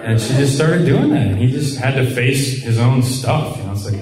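A man's voice: medium pitch, moderate pace. A man from Michigan sharing his story at a recovery meeting, rambling with lots of "like" and "you know". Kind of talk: personal recovery share. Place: meeting room. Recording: roomy, distant mic.

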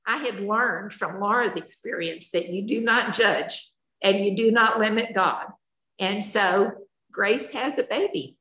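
A woman's voice: medium pitch, unhurried, pushed and bright. An older woman, a retired schoolteacher, telling her life story in a candid, plainspoken, folksy way. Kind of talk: personal storytelling, candid share. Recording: echoey room.

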